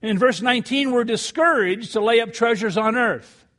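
An older man preaching a sermon, telling a story with animated rises and quiet asides before reading scripture. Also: extremely high pitch, moderate pace. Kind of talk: sermon with anecdote.

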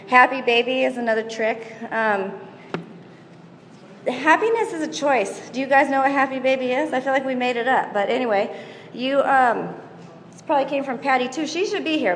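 A chatty woman with a somewhat high voice talks casually to a live audience, offering parenting advice and animatedly acting out little scenes and quotes. Her voice rings through a large hall with long, echoey reverb and a faint hum of room sound.

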